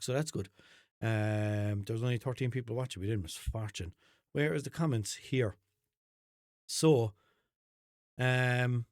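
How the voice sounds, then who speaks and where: A man's voice: mid-range voice, moderate pace, long pauses, a little mellow, dry recording, clean studio sound. A man from Limerick with a Limerick Irish accent, hosting an unscripted podcast in a rambling, sweary, jokey way. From Limerick, Ireland. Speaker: podcast host. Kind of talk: unscripted casual podcast chat.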